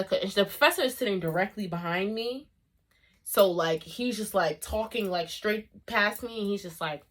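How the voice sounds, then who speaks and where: A woman vlogger telling a story in a casual storytime vlog, animated and full of "like" and "you know what I'm saying". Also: medium pitch, normal speed.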